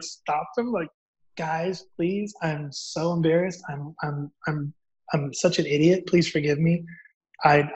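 A man telling a story as a guest author, acting out the dialogue in an animated way. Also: on the high side. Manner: animated, acts out quoted dialogue. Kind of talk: storytelling in an interview. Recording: dull lo-fi audio.

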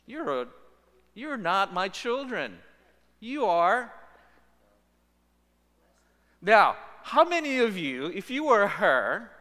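A man preaching a sermon as pastor, animated and acting out the lines he quotes. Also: high voice, slow, pauses often. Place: church sanctuary. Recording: long reverb of a church sanctuary.

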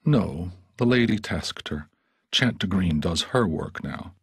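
A man voicing a patient, sad female alien caretaker who speaks quietly and in a measured way in an audiobook. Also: deep voice, animated, slightly rough, no echo, studio quality, full character voice.

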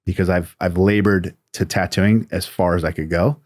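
A man's voice: sits low, fairly even intonation, moderate pace, a little mellow, dry recording, clean studio sound. A man, a tattoo artist from the United States, telling a long story in a casual, rambling interview manner with many fillers. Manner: laid-back, rambling, lots of "like" and "you know".

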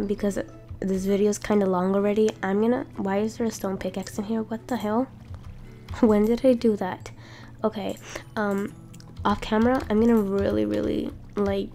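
A young woman doing excited let's-play commentary, gasping and repeating herself often. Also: medium pitch. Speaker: gaming YouTuber.

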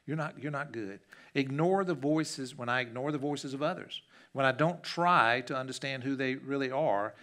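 A middle-aged male pastor delivers a sermon in a church. His voice is bright and forward. He tells stories, rising to loud, animated peaks and dropping to soft, quiet passages. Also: medium pitch, moderate pace. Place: church sanctuary.

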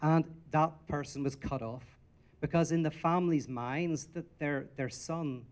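A man with a Northern Irish accent speaks to a live audience as a guest lecturer. He talks fast and keeps a joking, self-mocking edge while working through serious ideas. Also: fairly high pitch, fairly even intonation.

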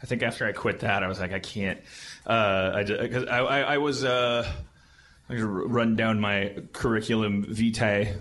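Halting, lower-voiced male comic host. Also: fairly even intonation, fairly bright tone. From United States. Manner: halting, hesitant, self-correcting. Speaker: podcast host. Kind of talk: rambling comedic talk.

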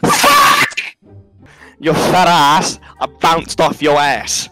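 A man playing a co-op zombie game, swearing constantly and yelling at his teammates. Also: fairly high pitch, fairly even intonation, slow pace, over music. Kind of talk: live gameplay chat.

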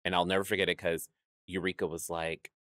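A man's voice: low voice, level tone, fairly quick, a bit bright, no room sound, clean studio sound. A man telling stories as a guest in an interview, acting out quoted voices and laughing often. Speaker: guest, drag performer. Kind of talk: storytelling interview chat.

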